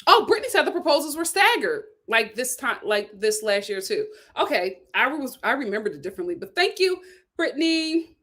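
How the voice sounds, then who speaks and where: A young adult woman hosting a casual livestream, reading viewer comments aloud in a chatty, animated way and laughing often. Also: high-pitched, a little fast. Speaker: YouTube show host reading super chats.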